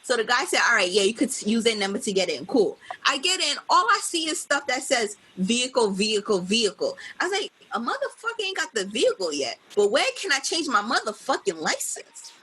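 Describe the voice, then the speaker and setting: A woman with a bright, forceful voice tells a story on a casual podcast. She has a New York accent, swears freely and acts out everyone she met. A faint hiss sits under her voice. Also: on the high side, fairly quick, hardly any pauses, rough recording. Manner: animated storyteller, swears a lot, acts out other people. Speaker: podcast co-host.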